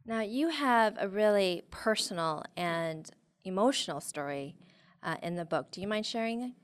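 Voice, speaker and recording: A woman's voice: medium pitch, animated, moderate pace, smooth. A woman hosting a red carpet interview, upbeat presenter manner. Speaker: talk show host.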